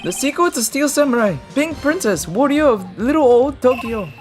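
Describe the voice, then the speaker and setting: A woman's voice: medium pitch, normal speed, a little mellow, pitched above the performer's own voice, natural voice. A woman voicing an odd male TV director who talks in internet slang, with a put-on made-up accent, reading game dialogue aloud over game music. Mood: brash.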